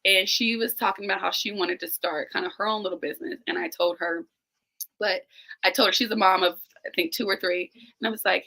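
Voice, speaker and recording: A woman's voice: medium pitch, steady tone, fairly quick, gravelly, pushed and bright, rough recording. A woman in her thirties, a teacher and guest, speaking candidly and emotionally on a live-stream call, close to tears and talking straight to listeners. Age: 30s. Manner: earnest, emotional, addresses listeners directly. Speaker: guest, teacher and business owner. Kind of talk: candid personal conversation. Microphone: remote live-stream call.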